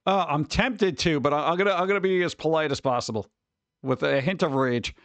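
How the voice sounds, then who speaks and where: A man's voice: a little high, fairly quick, fairly bright tone, dry recording. A man streaming live from his home setup, rambling and joking with exasperation in casual chat.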